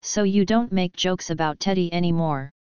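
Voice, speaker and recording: A woman's voice: fairly low pitch, normal speed, a little mellow, smooth, no echo, dull audio, natural voice. A woman voicing a stern, protective young man who lectures his friends, in an audiobook.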